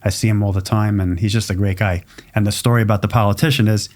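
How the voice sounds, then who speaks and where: A middle-aged man from Long Island tells stories in a low, easy voice, jumping into the voices of the people in them. He talks like a proud pizzeria owner chatting on a podcast, animated and warm in his telling. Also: fast talker. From Long Island, New York. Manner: animated, acts out quoted people. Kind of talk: casual storytelling chat.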